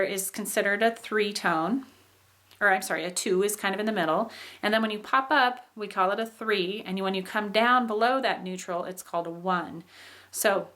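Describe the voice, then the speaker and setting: A woman teaching as she explains patiently, often saying "um" and "okay," and demonstrating phrases with exaggerated rises and falls in pitch. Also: a bit bright. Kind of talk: explaining English intonation.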